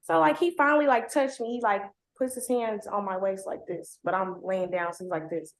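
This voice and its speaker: A woman's voice: mid-range voice, steady tone, a little fast, slight background noise. A young woman telling her own story in casual, slangy talk, packed with "like" and blunt language, in a roomy, echoey recording. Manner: heavy "like" fillers, slangy, blunt. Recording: roomy echo.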